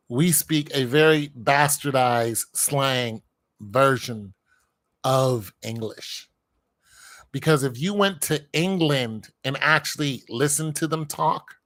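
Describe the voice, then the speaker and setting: Bright-voiced joking American man. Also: mid-range voice. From United States. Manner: joking, rambling, laughs often. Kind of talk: casual chat.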